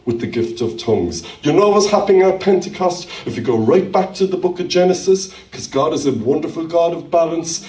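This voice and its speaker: A man's voice: on the high side, darkish tone. A man preaching a fervent sermon as pastor, calling out to his congregation. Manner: fervent preaching with call-and-response. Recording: roomy hall, voice from far off.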